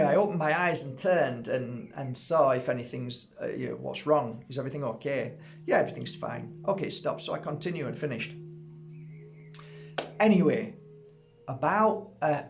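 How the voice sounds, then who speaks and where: A middle-aged man telling a personal story in a casual, animated way, acting out what people said and laughing at himself. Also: mid-range voice, gravelly. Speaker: crystal healer telling a story.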